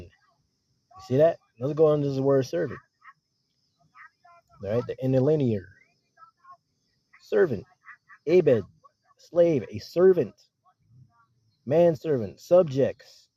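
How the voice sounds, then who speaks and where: A man preaching in a casual, conversational way. He keeps checking in with his listeners and slows down to read scripture aloud. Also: mid-range voice, animated, warm tone, husky. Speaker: street preacher teaching scripture. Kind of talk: casual sermon with scripture reading. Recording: dull lo-fi recording.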